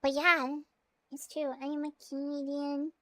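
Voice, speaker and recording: A woman's voice: sits high, little pitch movement, a little slow, sharp tone, no echo. A Canadian woman with a Canadian accent, chatting casually and playfully with her viewers on a live stream. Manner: playful and rambling, chats to viewers.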